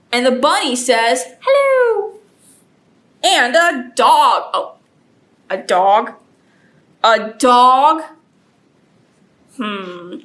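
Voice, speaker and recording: A librarian leads a children's storytime in a fairly high voice, animated and gasping with exaggerated delight for the kids.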